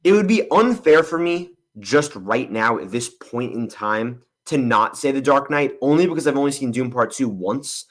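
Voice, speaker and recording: A man's voice: mid-range voice, expressive, moderate pace, hardly any pauses. A young man hosting a movie livestream Q&A, answering viewer questions in a candid, rambling way. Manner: rambling and candid, often says honestly and "I'm gonna be real".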